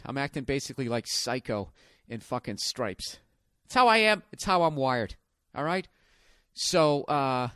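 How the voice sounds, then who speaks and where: A man's voice: mid-range voice, a bit bright, dry recording, studio quality. A man in his forties telling stories in a casual, profane, rambling monologue as a podcast host. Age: 40s.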